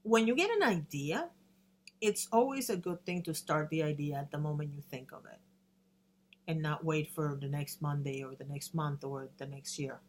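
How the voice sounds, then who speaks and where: A woman's voice: sits low, moderate pace. A woman in her fifties talking earnestly to the camera in a personal vlog, with frequent restarts and emotional moments. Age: 50s. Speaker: vlogger.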